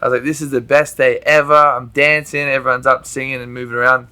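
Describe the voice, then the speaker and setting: A man with a bright, forceful voice tells a rambling personal story on a podcast, swearing freely and filling his talk with "like". His telling is animated, and he laughs a lot as he goes. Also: mid-range voice, fast talker, clean tone. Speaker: podcast guest. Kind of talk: casual storytelling chat.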